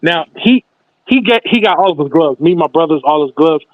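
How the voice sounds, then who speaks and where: A man's voice: a little high, animated, fairly quick, dry recording. A man telling a story from his childhood in casual talk, acting out the other people's voices. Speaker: podcast host. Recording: tinny, phone-like sound.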